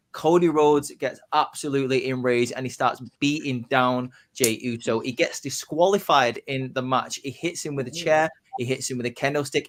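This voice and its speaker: A man on a casual podcast, telling his predicted wrestling storyline like excited play-by-play. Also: mid-range voice. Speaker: podcast host.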